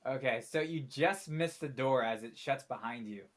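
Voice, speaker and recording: A man's voice: mid-range voice, normal speed, fairly bright tone. A man narrating as game master in a tabletop role-playing podcast, laid-back and chatty. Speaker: dungeon master.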